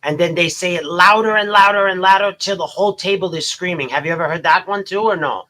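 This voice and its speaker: An American man telling stories in a loose podcast conversation, breaking into excited exclamations. His voice sits high and rings bright and sharp. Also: fast. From United States. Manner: animated, exclaiming and storytelling. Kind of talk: casual podcast chat.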